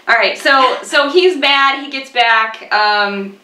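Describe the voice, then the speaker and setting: A woman co-hosting a film review chat, sarcastic and animated, mocking the characters with quoted voices. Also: on the high side, slow. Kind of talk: casual chat. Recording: echoey room, voice a bit far from mic.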